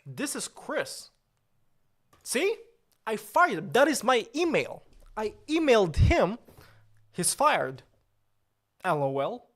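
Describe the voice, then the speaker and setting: A man's voice: on the high side, expressive, unhurried, pauses often. A man playing a pompous, boastful, easily offended company boss on a comedic livestream, talking in an indignant, grandiose way.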